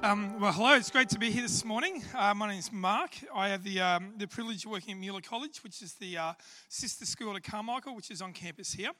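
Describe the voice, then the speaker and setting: Faint music sits behind a high-pitched Australian preacher whose bright, pushed voice moves fairly quickly. His sermon is chatty and self-deprecating, packed with fillers and humorous anecdotes, in a hall with long reverb.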